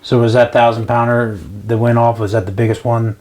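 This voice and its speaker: Guy interviewing a vet, quick mm-hmms, stumbles into his questions. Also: medium pitch, level tone, a little mellow. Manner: brief backchannels, hesitant questions. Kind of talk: oral history interview.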